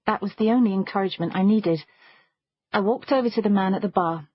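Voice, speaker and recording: A woman narrates a first-person thriller audiobook in a measured storytelling manner. Her voice is husky and mid-pitched. The recording is dry and slightly dull. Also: no echo.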